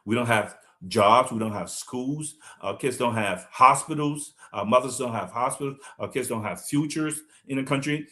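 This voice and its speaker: A man's voice: medium pitch, normal speed, hardly any pauses, pushed and bright. A man from Liberia giving fiery, combative political commentary on a live stream, speaking emphatically.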